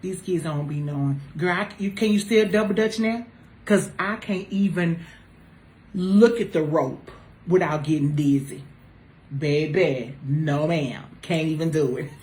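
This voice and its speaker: A woman on a talk show panel chatting casually with friends, animated and teasing, jumping between loud exclamations and low asides. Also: measured pace. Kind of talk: casual group chat. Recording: roomy echo with faint noise.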